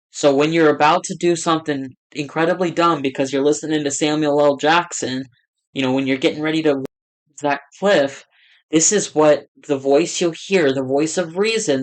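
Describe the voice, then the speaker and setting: A man who is a pastor, giving casual reaction commentary in a reflective way, now and then breaking into soft exclamations. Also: fairly high pitch.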